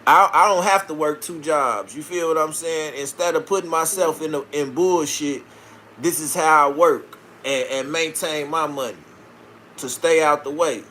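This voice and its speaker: A man's voice: a little high, normal speed, sharp tone, a little hiss or hum. Brash, profane man from Chicago. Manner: brash, profane, streetwise banter. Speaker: livestream host reading viewer comments. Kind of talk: casual live-stream chat.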